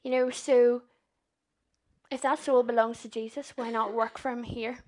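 A young woman with a Northern Irish accent preaches in a chatty, earnest way. Her voice sits high, and she keeps turning to her listeners with questions. The talk sounds loose and unscripted, more like a conversation than a formal sermon. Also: little pitch movement, moderate pace, a little mellow, slight background noise. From Northern Ireland. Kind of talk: informal sermon.

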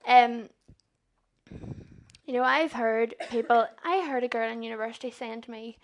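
A young woman with a Northern Irish accent preaches in a chatty, earnest way. Her voice sits high, and she keeps turning to her listeners with questions. The talk sounds loose and unscripted, more like a conversation than a formal sermon. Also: fairly even intonation, moderate pace. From Northern Ireland. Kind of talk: informal sermon.

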